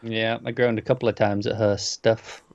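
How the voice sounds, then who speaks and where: A man's voice: fairly low pitch, level tone, moderate pace, dry recording, dull audio. A man co-hosting a podcast in casual chat with wry, dry humor. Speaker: podcast co-host.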